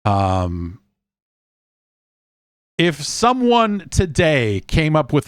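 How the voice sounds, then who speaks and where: A man's voice: on the low side, lively intonation, unhurried, no room sound, clean studio sound. A man hosting a podcast in a casual, wry, rambling chat full of fillers and restarts. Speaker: podcast host.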